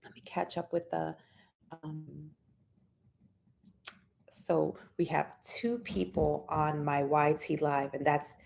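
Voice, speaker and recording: A woman hosting a casual live stream, chatting and greeting viewers by name, with sudden high squeals of excitement. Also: takes it slowly, creaky, pauses often.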